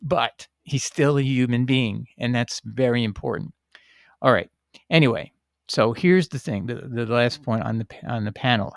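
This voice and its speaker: A man of middle pitch talks through a screen-shared passage and answers a viewer's objection. He is emphatic but rambling, and he restarts often. The sound is close and dry, with no room echo. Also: moderate pace, creaky. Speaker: Bible teacher answering a viewer. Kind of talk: casual screen-share teaching.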